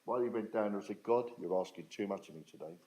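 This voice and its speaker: A man's voice: fairly low pitch, fast talker, warm tone, poor audio. An older man, telling his story to an audience in a blunt, plain-spoken, emphatic way. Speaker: speaker at a talk on restorative justice.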